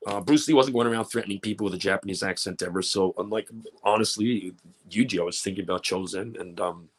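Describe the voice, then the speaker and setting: Low-voiced man, joking and candid. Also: fast talker, husky. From Canada. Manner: candid, joking, many restarts. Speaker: actor and panel guest. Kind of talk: panel discussion.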